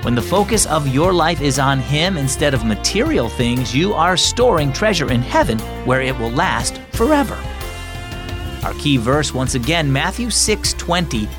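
A man hosting a children's devotional program, reading scripted narration in a friendly, clear, measured way. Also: a little high, very animated, music in the background.

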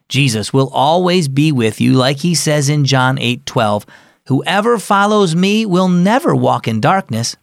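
A man's voice: fairly high pitch, no echo, clean studio sound. A man hosting a children's devotional, reading a story in scripted narration, earnest and friendly toward kids.

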